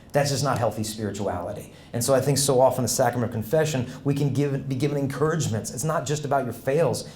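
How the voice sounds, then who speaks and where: A man's voice: mid-range voice, darkish tone, echoey room. A man giving a humorous faith talk to students, telling stories with voiced quotes and laughter. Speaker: Catholic speaker. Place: large hall with audience.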